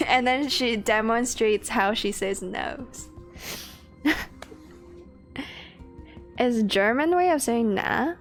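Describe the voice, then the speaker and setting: A woman's voice: a little high, lively intonation, slow pace, pauses often. A young woman streaming a game, chatting casually, rambling, swearing and laughing as she greets her chat. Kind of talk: casual live-stream chat while gaming. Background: faint game music.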